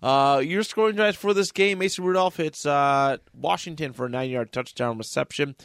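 A man's voice: on the high side, normal speed, a bit bright, no room sound, studio quality. A man co-hosting a casual sports podcast, running through game scores with jokey asides. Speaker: podcast co-host. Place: small dry home studio. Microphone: desk mic in a home studio.

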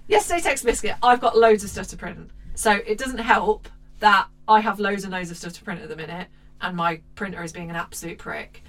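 A woman's voice: mid-range voice, fairly quick. A young woman co-hosting a podcast, telling a rant-filled story with lots of swearing and animation. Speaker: podcast co-host. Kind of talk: casual chat.

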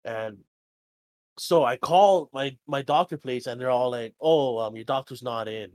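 A man's voice: medium pitch, measured pace, darkish tone. A young man co-hosting a podcast, telling a story in a rambling, casual way, swearing freely and acting out both sides of conversations. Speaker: podcast co-host.

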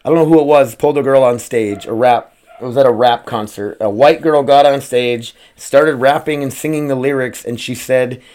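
Casting: man, solo podcast host, profane rambling rant, everyday mid-pitched voice. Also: moderate pace, few pauses, a little mellow. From United States. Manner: profane, rambling, rhetorical questions.

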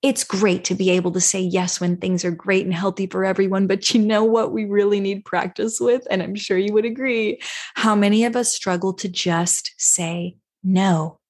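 A woman's voice: medium pitch, steady tone, moderate pace, a little mellow. A woman hosting a parenting podcast, coaching listeners emphatically and acting out example phrases. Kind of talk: solo podcast teaching.

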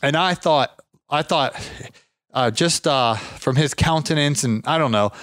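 A man's voice: on the high side, measured pace, fairly bright tone, dry recording. Rambling man telling a story. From Ohio. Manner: rambling, many restarts and fillers. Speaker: podcast host, lawn care business owner. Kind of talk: casual storytelling.

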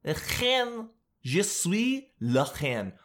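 A chirpy little French hen, as a man puts her on in a comedy vlog, greeting the listener in a pitched-up, mock-French voice. She is bouncy and silly, with a tune far higher than the man's own. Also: sing-song, extremely slow, fairly bright tone, exaggerated voice. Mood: playful.

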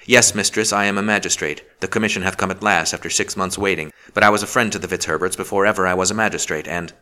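A man reading the part of a passionate older magistrate who speaks harshly and forcefully. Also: low voice, fast talker. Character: passionate older male magistrate, gruff and stern.

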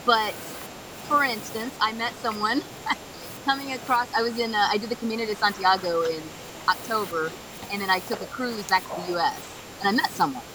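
A woman's voice: medium pitch, brisk. A woman guest on a podcast, chatting casually and laughing easily as she tells stories. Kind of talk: casual chat. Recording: noisy recording with clear background noise.

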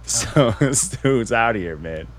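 A man hosting a podcast in casual chat, profane and joking, telling stories with animated put-on quotes. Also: medium pitch, takes it slowly. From Haitian family. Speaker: podcast host.

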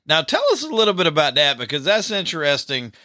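A male interviewer prompts his guest to say more, speaking in a bright, tense voice. The sound is dry and close, with no room around it. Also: a little high, big pitch swings, fast, no room sound. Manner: encouraging, prompting questions. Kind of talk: casual interview.

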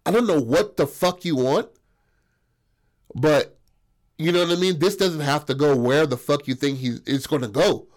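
A man's voice: a little high, normal speed, long pauses, natural voice. A man voicing a lovestruck male brawler who talks in a profane, blurting way. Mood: warning.

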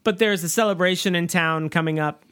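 A man's voice: sits high, brisk, fairly bright tone, clear, resonant tone. A man co-hosting a podcast, recapping a film in casual chat with a wry, joking manner and frequent fillers. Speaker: podcast co-host.

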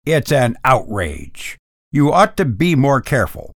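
A man's voice: mid-range voice, sing-song, unhurried, no room sound, studio quality. A man doing a proud, imperious young master. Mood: stern. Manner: stern, indignant.

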